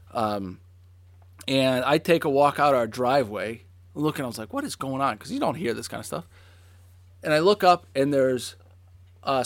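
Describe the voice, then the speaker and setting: A man in his forties telling a story in casual chat, animated, with lots of fillers and swearing. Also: medium pitch, no echo, studio quality.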